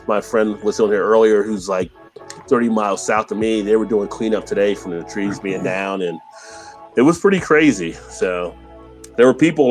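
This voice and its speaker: A man hosting a casual live stream, chatting loosely, reading out viewer comments and laughing often. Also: lowish voice. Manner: laughs often, relaxed rambling.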